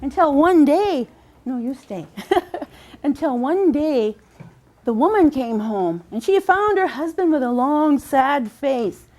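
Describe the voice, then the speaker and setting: A woman storyteller telling a folk tale aloud, lively, slowing for emphasis and repeating phrases. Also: sits high.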